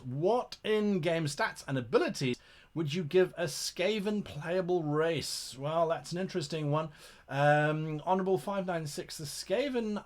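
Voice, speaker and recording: Chatty English man hosting a live Q&A. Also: on the high side. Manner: chatty and enthusiastic, repeats words while thinking. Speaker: livestream host and game master. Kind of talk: casual live Q&A, reading chat questions.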